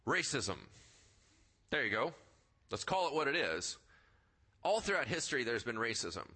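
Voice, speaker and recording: A man preaching a sermon in a conversational, animated way, acting out the people in the story. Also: medium pitch, normal speed, slightly rough. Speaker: pastor.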